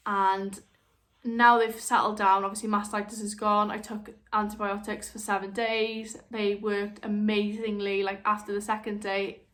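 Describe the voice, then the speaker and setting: A young woman talks openly to camera in a frank, chatty vlog. Her voice sits at an ordinary middle pitch for a woman. She drops into quick voices of other people when she quotes them. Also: little pitch movement, a bit bright. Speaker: vlogger, new mother. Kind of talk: candid personal chat to camera.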